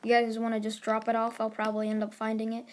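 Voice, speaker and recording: A woman's voice: a little high, monotone, fast, a little hiss or hum, natural voice. A woman voicing a cheerful, naive teenage boy hero in her own easygoing storytelling voice.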